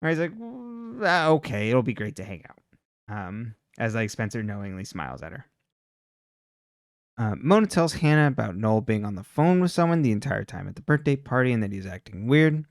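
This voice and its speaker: A man co-hosting a podcast, casually retelling a TV episode in a rambling way, full of fillers and quick quoted lines. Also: lowish voice, animated, no room sound, studio quality. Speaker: podcast co-host recapping a TV episode. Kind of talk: casual recap chat.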